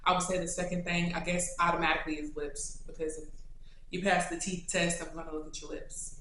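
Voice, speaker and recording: A young adult woman vlogger answering questions in a casual, chatty, animated way. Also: on the low side, brisk, a little hiss or hum. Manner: chatty and animated, turning tender and choked up. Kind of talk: casual Q&A chat to camera. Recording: echoey room.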